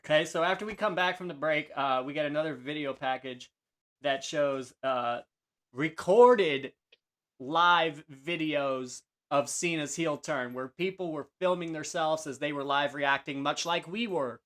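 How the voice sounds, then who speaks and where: A man's voice: on the high side, measured pace. A man hosting a casual wrestling review show, talking loosely with many fillers and restarts and acting out the announcers' lines. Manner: relaxed, many fillers and restarts, acts out quotes. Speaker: podcast host.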